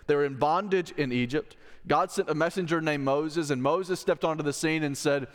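A man's voice: fairly high pitch, normal speed, hardly any pauses, big-room sound. A male pastor preaching a sermon. He speaks earnestly and with emphasis, repeats key phrases and asks the congregation direct questions. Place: church sanctuary.

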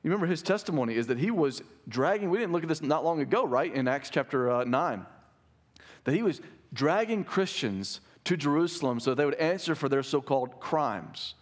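A man's voice: fairly high pitch, lively intonation, fairly quick. A man delivers a sermon as a pastor in a church. His preaching is earnest but conversational, and he often checks in with his listeners as he goes.

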